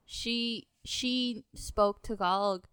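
Smooth-voiced young woman telling stories. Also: mid-range voice, extremely slow, no room sound, studio quality. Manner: animated storyteller, laughs often, acts out quoted voices. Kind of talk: casual chat.

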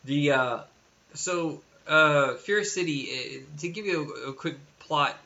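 A man chats about movies in an easy, talkative way, with a few fillers along the way. His voice is mid-pitched and bright, with a forceful edge. The sound is dull and lo-fi. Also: slow pace. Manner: chatty, laughs easily, some fillers. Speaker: podcast co-host discussing films. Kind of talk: casual chat.

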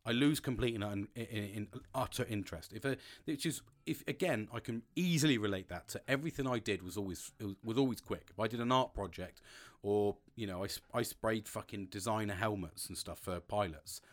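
A man with a somewhat low voice talks in a loose, casual chat. He rambles, starts sentences over and swears freely, in a frank and open way. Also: brisk. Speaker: podcast host.

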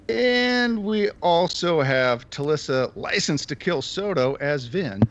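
A man's voice: on the high side, animated, slow pace, hardly any pauses, fairly bright tone. A man hosting a casual podcast chat who walks through the rundown with wry, joking asides. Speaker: podcast host. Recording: dull lo-fi audio.

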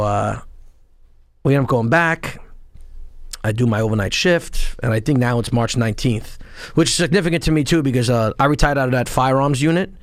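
A man telling war stories in a casual interview, profane and animated, acting out what people said. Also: mid-range voice, dry recording, clean studio sound. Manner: animated, profane storytelling with quoted voices. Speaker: podcast guest, former Marine and police sergeant.

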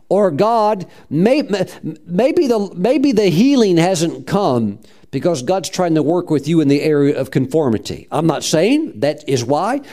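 A man's voice: fairly high pitch, dark tone. A middle-aged man preaching a sermon as pastor, fervent, punctuating his points with "praise God" and acting out quoted voices.

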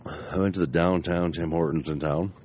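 A man's voice: low-pitched, steady tone, normal speed, a little mellow, a little hiss or hum. A young man casually telling a profane, rambling anecdote outdoors in his backyard. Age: young adult. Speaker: storyteller.

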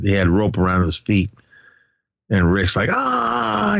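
Low-voiced man recapping a movie. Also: no echo, muffled recording. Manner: retells scenes with quoted dialogue and frequent fillers. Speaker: podcast co-host.

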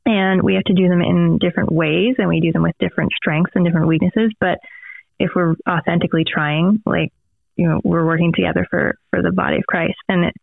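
A woman's voice: on the low side, steady tone, brisk, creaky, no room sound. A woman guest on a podcast, talking casually and rambling through tangents with lots of fillers. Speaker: podcast guest, audio theater director. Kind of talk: casual interview chat. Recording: phone-like dry remote line.

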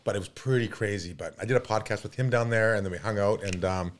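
A man in his fifties from Canada, a podcast guest telling stories in an animated, rambling way with many fillers. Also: fairly low pitch, fast talker. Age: 50s. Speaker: podcast guest, pro mountain biker. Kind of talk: casual storytelling.

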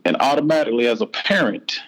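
A man's voice: medium pitch, lively intonation, quick pace, a bit bright, low-quality recording. A man in his forties with a Southern US accent, telling a personal story as a podcast guest in an earnest, heartfelt way. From North Carolina, US.

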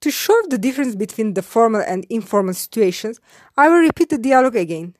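A woman teaching beginner in a scripted lesson, saying each phrase slowly and repeating it for learners to copy. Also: on the high side, animated, no room sound, studio quality. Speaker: Italian language teacher. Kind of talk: slow scripted language lesson.

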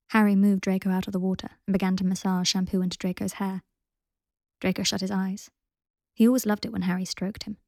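A woman narrating a story aloud in a calm, steady way. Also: medium pitch, a little fast, creaky, dry recording, studio quality. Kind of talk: audiobook reading of fan fiction.

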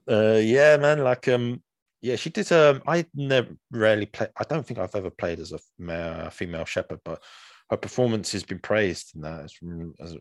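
A man's voice: fairly low pitch, moderate pace, dry recording. A man co-hosting a podcast in casual chat, rambling and hesitant, full of fillers and restarts. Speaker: podcast co-host.

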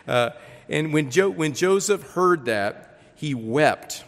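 A man preaching a sermon, reading scripture aloud with lively emphasis and frequent repeated words. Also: a little high, slow pace. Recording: long reverb.

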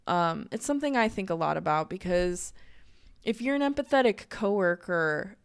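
A woman's voice: mid-range voice, expressive, moderate pace, clean tone. A young woman in a casual, candid monologue, chatty and full of "like" fillers. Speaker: podcast host.

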